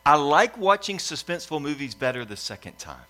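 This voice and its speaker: A man's voice: mid-range voice, huge pitch swings, a little fast, few pauses, pushed and bright. A middle-aged pastor telling a family story in a sermon, acting out voices and building his points in repeated lists. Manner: repetitive preaching cadence, builds in lists.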